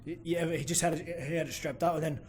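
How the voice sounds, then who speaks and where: An Australian man as a podcast guest, talking in halting casual chat with many restarts. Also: fairly high pitch, flat delivery. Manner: halting, repeats himself.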